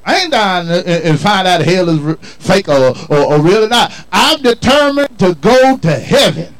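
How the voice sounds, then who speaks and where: A man's voice: high-pitched, expressive, measured pace, low-quality recording. A man preaching a sermon in a colloquial, call-and-response style, emphatic and folksy. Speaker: pastor.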